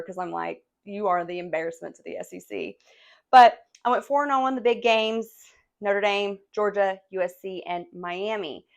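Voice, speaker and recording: A woman giving a casual sports reaction rant. She is blunt and opinionated, swears freely, calls her viewers "y'all", and talks in an animated, emphatic way with sighs and laughs. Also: mid-range voice. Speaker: sports vlogger.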